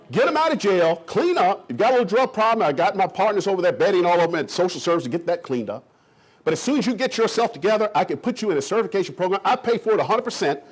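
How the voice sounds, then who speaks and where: A middle-aged man from Kentucky giving an animated presentation to a room of realtors. He is folksy and emphatic and talks straight to the audience. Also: high-pitched, breathy edge. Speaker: economic development official.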